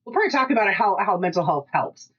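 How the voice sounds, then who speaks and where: A woman with a Pacific Northwest American accent, co-hosting a podcast in casual chat and telling stories with lively quoted dialogue. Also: medium pitch, fast talker, slightly rough, lo-fi sound. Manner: chatty storytelling, animated quoted dialogue. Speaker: podcast co-host.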